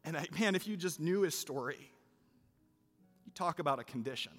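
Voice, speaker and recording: A pastor with a slightly high, animated, bit bright voice preaches at a normal speed, telling a story conversationally and building toward an exhortation to his congregation. The hall is reverberant, with faint music in the background.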